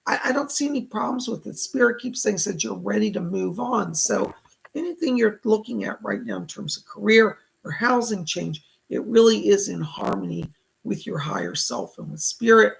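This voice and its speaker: A man hosting live psychic readings, thanking donors and relaying spirit messages in a slightly hoarse voice. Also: high-pitched, animated, moderate pace, low-quality recording. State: hoarse, voice going. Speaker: psychic medium host.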